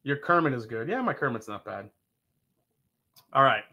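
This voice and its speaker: A man with a mid-range, expressive voice and a sharp tone hosts a live whiskey tasting, speaking at normal speed. He jokes around, swears, and reads viewer comments aloud.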